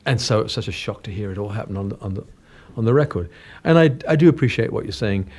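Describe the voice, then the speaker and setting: A North London man in his sixties, a guest singer, swaps anecdotes in a chatty, self-deprecating radio studio interview. His English accent carries a touch of Cockney and a little northern. He talks fast in a lowish, slightly mellow voice with lively intonation.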